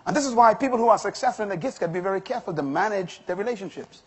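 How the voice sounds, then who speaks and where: A man's voice: sits high, lively intonation, racing, husky. A male pastor delivering an emphatic sermon to a congregation, rising to strong exclamations. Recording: long hall reverb.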